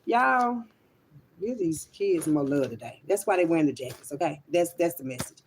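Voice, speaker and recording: A woman's voice: deep voice, expressive, normal speed, a little hiss or hum. A woman, talking to online viewers in a blunt, rambling monologue and swearing freely. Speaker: online spiritual reader. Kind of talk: casual livestream monologue.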